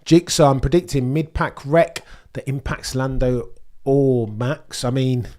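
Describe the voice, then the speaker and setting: A man's voice: medium pitch, a little slow. A man hosting a live stream before a race, chatting casually with viewers, with a stuffy nose as he recovers from illness. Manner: chatty, banters with chat, bursts of excitement. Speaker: live-stream host reading chat.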